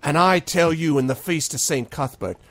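A man's voice: a little high, normal speed, a bit bright, pitched above the performer's own voice. A man voicing a scheming male street criminal who whips up a crowd with speeches. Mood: rousing. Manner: rabble-rousing, speechifying.

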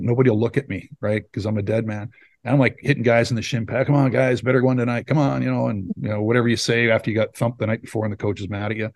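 With a medium pitch and a slightly mellow quality in a dry recording, this Saskatchewan man in his fifties chats as a podcast guest. The former hockey player tells meandering, casual stories and plays out the quotes.

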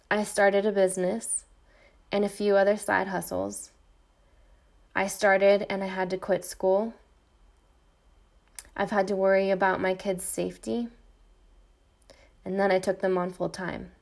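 A woman's voice: mid-range voice, gravelly. A middle-aged woman hosting a podcast, delivering an intense, defiant personal monologue with repeated refrains. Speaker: podcast host. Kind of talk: personal monologue, read from a script.

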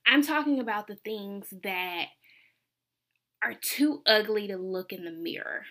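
A woman's voice: medium pitch, a little slow, fairly bright tone. A young woman hosting a faith podcast, talking earnestly and confessionally, with lots of "like". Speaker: podcast host. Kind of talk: casual faith podcast monologue.

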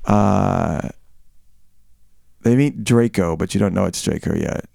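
A man's voice: low voice, slow pace, creaky, dark tone, dry recording, studio quality. A man co-hosting a casual book-discussion podcast, rambling with frequent restarts and self-corrections. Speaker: podcast co-host.

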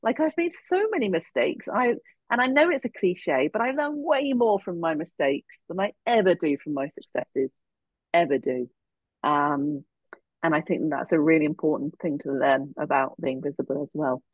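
A woman, a podcast guest, telling stories in a giggly, animated casual chat. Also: low voice, normal speed, husky, no room sound. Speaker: podcast guest, visibility coach. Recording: dull lo-fi podcast audio.

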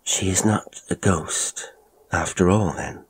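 A man voicing a curious, wary village woman who speaks in hushed, whispered tones in an audio horror story. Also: low voice, measured pace, a little hiss or hum.

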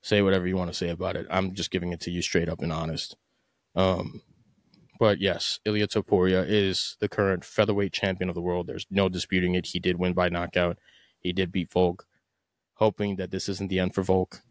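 A man's voice: low-pitched, flat delivery, fairly quick, no echo, studio quality. A man hosting a podcast, giving blunt, opinionated, profane commentary in a casual solo talk. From United States. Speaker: podcast host.

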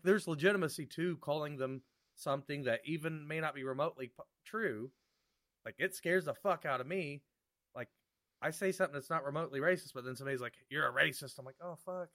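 Male podcast co-host, fairly high voice, jokey and crude, dry close mic. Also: fairly bright tone, dry recording. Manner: joking, profane, quick to laugh. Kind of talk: casual podcast banter.

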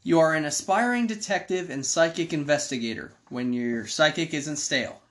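A man's voice: on the high side, moderate pace, a bit bright, slight background noise. A man reading a choose-your-own-adventure card game aloud to friends, breaking off for joking asides. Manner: joking asides between read passages. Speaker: game reader.

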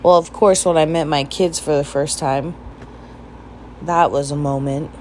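A woman's voice: low voice, fairly even intonation, unhurried, a little mellow, a little hiss or hum, low-quality recording. A young woman casually telling stories in a vlog, chatty and laughing often as she acts out her own dialogue. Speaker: vlogger.

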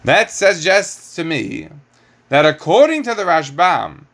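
Animated male Torah teacher lecturing. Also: a little high, measured pace. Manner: animated, rhetorical questions, mixes Hebrew terms. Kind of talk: classroom lecture on commentary.

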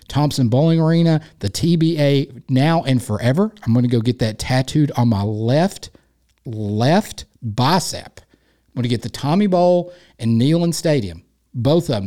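A man's voice: medium pitch, mellow. A man with an East Tennessee accent hosting a sports podcast alone, rambling in a casual, jokey, self-deprecating way. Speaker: podcast host.

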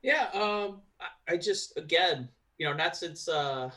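Bright-voiced hesitant podcast guy, off-mic. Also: on the high side, animated, a little slow. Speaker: podcast co-host. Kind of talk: casual chat. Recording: distant from the mic.

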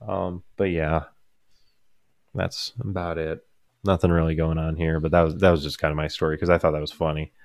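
A young man with a low, deep voice tells a rambling, amused story in a casual chat. He is recorded dry and close, with no room sound. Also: level tone, a little fast, gravelly, dry recording. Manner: rambling, amused, lots of fillers and restarts.

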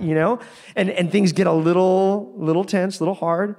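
Guy preaching a sermon, chatty and animated, cracks little jokes. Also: on the high side, normal speed. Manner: conversational, animated, with playful asides. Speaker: pastor.

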